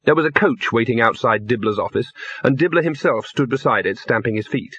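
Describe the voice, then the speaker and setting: A man reads a novel aloud at a measured pace, in a bright voice with a husky edge. The recording is dry and close but dull and lo-fi. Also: mid-range voice, expressive, dry recording. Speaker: audiobook narrator. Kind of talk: scripted narration.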